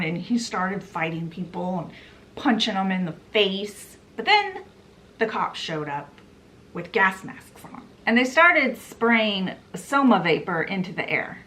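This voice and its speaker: Woman host, casual book recap, slow delivery. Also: medium pitch. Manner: chatty, relaxed retelling.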